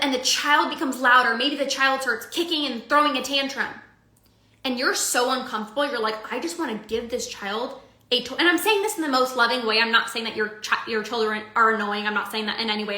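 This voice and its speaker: A woman's voice: on the high side, pushed and bright, roomy sound. A young woman coaching her audience in a casual live-streamed talk, chatty with filler likes and everyday analogies. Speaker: binge eating coach.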